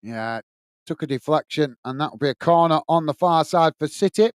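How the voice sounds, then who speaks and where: A chatty middle-aged man hosts a football watch-along. He calls the play and reads out viewer messages in a fairly high, smooth voice. The sound is dry and close. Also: moderate pace, no echo. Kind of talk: live match commentary and chat reading.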